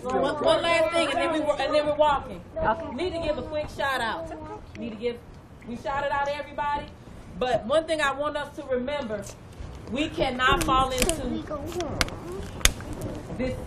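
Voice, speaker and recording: A woman with a St. Louis accent, a protest organizer giving shout-outs and speaking directly to an outdoor crowd. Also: high-pitched, moderate pace, long pauses, heavy background noise. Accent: St. Louis, Missouri. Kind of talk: rally announcements. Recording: outdoor recording amid a loud crowd.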